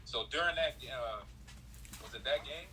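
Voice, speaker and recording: A man in his forties with a middle-pitched voice tells stories in relaxed chat. He keeps a conversational pace and jumps up in pitch whenever he quotes someone. A faint noise sits under the recording. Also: moderate pace, rough recording. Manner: animated storyteller, acts out quotes in a raised voice. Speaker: former football player, guest. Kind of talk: casual storytelling chat.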